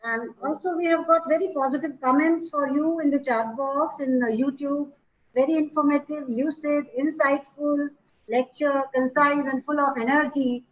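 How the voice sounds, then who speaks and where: A woman's voice: high voice, fairly even intonation, normal speed, recorded from a distance. A woman moderating a webinar Q&A, speaking in a polite, conversational way. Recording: dull lo-fi audio.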